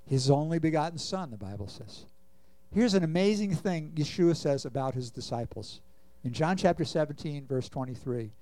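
A man's voice: medium pitch, mellow, no echo. A man preaching a sermon, earnestly reading scripture and asking the congregation questions. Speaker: pastor.

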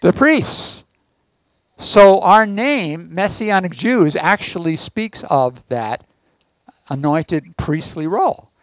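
High-pitched guy preaching a teaching sermon, keeps asking everybody follow that, dry sound. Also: animated, slow pace, no room sound. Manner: asks the audience check questions. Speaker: Messianic teacher.

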